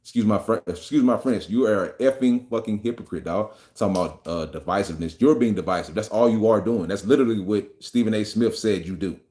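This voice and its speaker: Man, podcast host, rapid-fire, profane, combative, mocking rant. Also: on the low side, warm tone.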